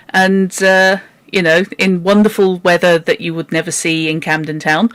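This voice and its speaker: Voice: mid-range voice, steady tone, normal speed, few pauses, fairly bright tone, no echo. A book club host chatting about a classic novel, exasperated and joking, with frequent asides. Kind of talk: casual chat and reading aloud.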